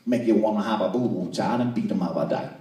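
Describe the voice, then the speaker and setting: A man's voice: on the low side, fast talker, dark tone, a little hiss or hum, pitched below the performer's own voice, lightly acted. New Orleans waitress, slurred words, man putting her on, distant, roomy. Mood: matter-of-fact. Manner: slurred, hard to follow. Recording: echoey hall, distant mic.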